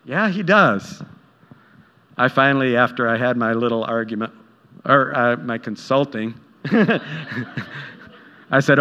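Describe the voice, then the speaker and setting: A man's voice: medium pitch, normal speed, pauses often, pushed and bright, smooth. A man preaching a sermon in a conversational way, retelling scripture and personal stories and acting out the voices in them. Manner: conversational, acts out quotes, chuckles at own stories. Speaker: pastor. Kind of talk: sermon with storytelling. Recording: dull sound with long hall reverb.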